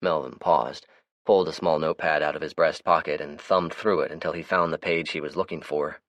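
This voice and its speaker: Deep-voiced male audiobook narrator. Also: steady tone, quick pace, a bit bright, dry recording. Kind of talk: scripted narration.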